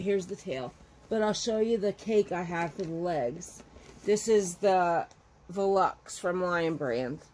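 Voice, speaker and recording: A woman's voice: sits low, a little mellow, a little hiss or hum. A middle-aged woman chatting casually as a crochet vlogger at home, rambling and emotional as she talks. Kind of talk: casual chat. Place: home with her dogs.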